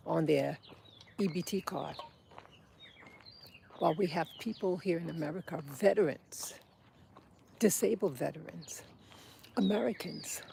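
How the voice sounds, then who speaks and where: A woman giving an angry political monologue, halting, with pauses and restarts, recorded outdoors. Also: on the low side, gravelly, dark tone, slight background noise. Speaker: vlogger.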